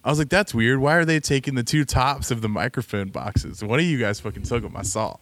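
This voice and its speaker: A man co-hosting a casual podcast, telling animated stories and swearing freely. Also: mid-range voice, brisk, no room sound. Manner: animated storytelling, swears a lot. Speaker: podcast co-host. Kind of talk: casual chat about drinks.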